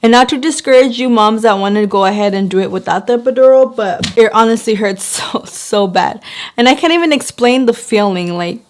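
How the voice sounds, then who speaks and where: A woman's voice: on the high side, a little fast, slight background noise. A young woman vlogging to her viewers in a loose, chatty way. She peppers her sentences with "like" and slips into acted-out bits of what people said to her. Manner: chatty, lots of "like", acts out quotes. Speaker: beauty vlogger. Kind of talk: casual storytelling vlog.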